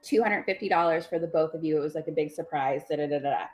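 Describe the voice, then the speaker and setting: A woman's voice: low voice, fast talker, darkish tone, faint music behind, lightly acted. A woman retelling as a smarmy con-man salesman. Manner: glib, fake-sympathetic sales patter.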